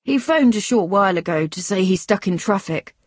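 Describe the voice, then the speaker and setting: A woman reader voicing a gentle adult man who speaks in a soft, reassuring way, close to her own voice. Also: medium pitch, lively intonation, brisk, slightly rough, no echo. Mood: concerned.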